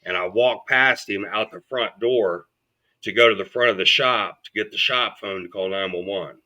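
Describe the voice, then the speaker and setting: Man guest, blunt profane storyteller, very bright cutting voice. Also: lowish voice, normal speed. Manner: blunt and profane, acting out what people said. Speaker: podcast guest. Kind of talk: storytelling in an interview.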